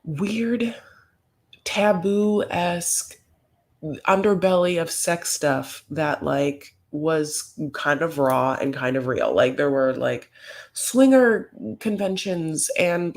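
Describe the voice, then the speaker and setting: A man's voice: sits high, vocal fry. A man hosting a comedic reality TV recap, talking in a rambling, campy way full of fillers.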